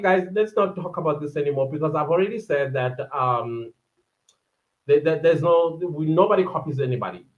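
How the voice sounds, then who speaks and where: A South African woman hosting a casual livestream, reading viewer comments aloud in a chatty, animated way with quick asides. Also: low voice. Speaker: livestream host. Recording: dull lo-fi livestream audio.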